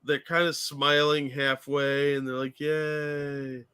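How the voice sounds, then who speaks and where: A man's voice: on the high side, lively intonation, a little slow, sharp tone, no room sound. A man co-hosting a casual political chat, blunt and mocking in tone. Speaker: co-host.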